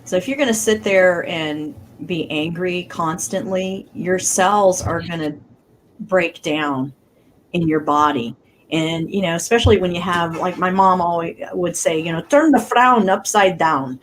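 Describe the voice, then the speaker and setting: A woman speaking as a panelist on a faith talk show, telling stories in an animated way. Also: on the low side, measured pace, a little hiss or hum, poor audio. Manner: animated storytelling. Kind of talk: casual faith discussion.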